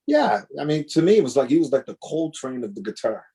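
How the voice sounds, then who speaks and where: A man, a drummer, telling animated, rambling stories over a video call, with lots of restarts. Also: medium pitch, quick pace. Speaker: guest drummer. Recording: choppy internet connection.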